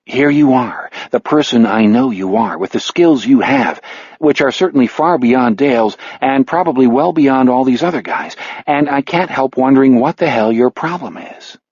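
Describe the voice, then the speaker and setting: A man voicing a blind, dry-witted older man in an audiobook, measured and blunt, with a husky tone. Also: mid-range voice, expressive, darkish tone, no echo, lo-fi sound. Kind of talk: audiobook character voice.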